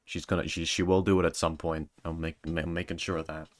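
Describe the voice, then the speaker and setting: A man's voice: low-pitched, little pitch movement, fairly quick, dry recording. A man streaming and reading viewer comments in a joking, self-mocking casual chat.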